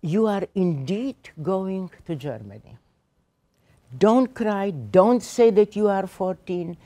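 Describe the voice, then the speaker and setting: A woman's voice: medium pitch, lively intonation, slow pace, dark tone. An older woman quoting a stern female camp guard in a curt, commanding way while telling her story. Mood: firm, coaxing.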